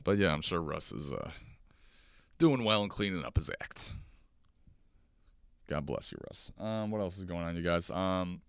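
A young man rambles through stories at his kitchen table, swearing freely and laughing as he goes. His voice sits very low and smooth, and the recording is close and dry with no room sound. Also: lively intonation, measured pace, pauses often, no room sound. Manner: loose, profane, rambling with laughs. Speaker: podcast host. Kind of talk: casual solo storytelling. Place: kitchen at home.

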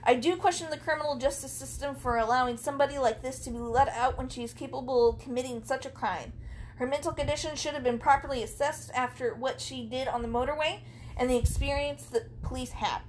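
A young woman chats as a podcast host, joking and giggling, swearing casually. Her throat sounds sore, her voice sits fairly high, and there is faint noise behind her. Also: fairly quick. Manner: giggly, swearing, jokey storyteller. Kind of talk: casual chat.

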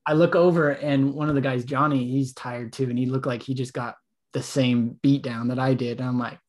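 Man, podcast co-host, casual chat, animated storytelling, filler "like". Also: medium pitch, fairly quick. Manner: animated storytelling, lots of "like", acts out quotes.

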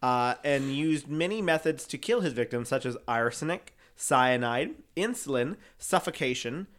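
Guy co-hosting a true crime podcast, loose and rambly, swears a lot, average pitch. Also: expressive, moderate pace, a bit bright. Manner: rambling, swears freely, laughs often. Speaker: podcast co-host. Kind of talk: casual true-crime chat.

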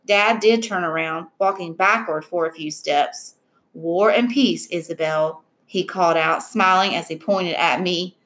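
A woman narrating a novel in an even, measured reading. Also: on the low side. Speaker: audiobook narrator. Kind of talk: scripted narration.

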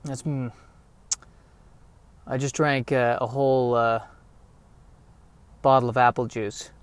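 A man's voice: mid-range voice, little pitch movement, slow pace, clear, resonant tone, dry recording. A man in his thirties hosting a podcast, rambling through a self-deprecating comedic monologue. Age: 30s. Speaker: podcast host.

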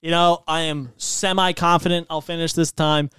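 A man in his twenties in casual chat, loud and rambling, swearing often, with sudden jumps in pitch. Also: flat delivery, moderate pace, clear, resonant tone, no room sound, clean studio sound. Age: 20s.

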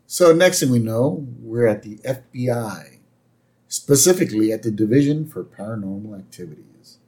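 A man co-hosting a casual podcast, narrating scenes calmly with everyday fillers. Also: medium pitch, moderate pace. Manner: relaxed storyteller, narrates scenes step by step with fillers. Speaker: podcast co-host. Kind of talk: casual chat recapping a TV episode.

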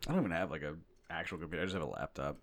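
A man's voice: rumbling low, rapid-fire. A young man co-hosting a podcast, crude and jokey, swearing often in casual banter. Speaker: podcast co-host.

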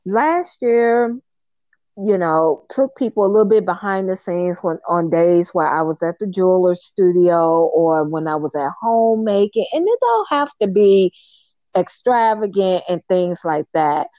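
A woman's voice: on the low side, lively intonation, a little slow, no room sound. A woman hosting an interview, speaking candidly and with emphasis. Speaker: podcast host. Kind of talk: conversational interview. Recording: dull, slightly lo-fi audio.

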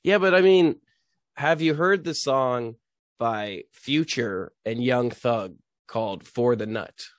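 An easily amused man trades teasing remarks in casual podcast chat. His mid-pitched voice sounds close and dry. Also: takes it slowly, no room sound.

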